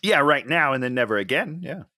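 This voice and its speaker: A man's voice: medium pitch, brisk, no echo, clean studio sound. A man co-hosting a casual comedic movie review podcast, ranting in disbelief and laughing often. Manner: animated, incredulous ranting with frequent laughs. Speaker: podcast co-host.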